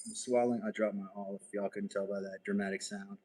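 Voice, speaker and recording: Stitching leather outside on a warm day, a sweaty ginger livestream host chats casually and jokes around. He talks fast in a lowish, level, somewhat dark voice, on a low-quality recording with slight background noise.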